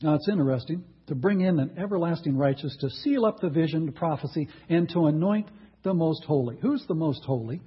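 A man's voice: on the high side, expressive, a little fast, slightly rough, dull audio. A man preaching a sermon, emphatic, asking the congregation rhetorical questions.

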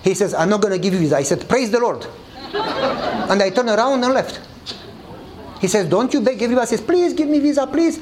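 Against a noisy background, a man talks a little fast and pauses often while telling a story in English. He's a pastor with non-native grammar, animatedly dramatizing the dialogue with changing pitch as part of his sermon.

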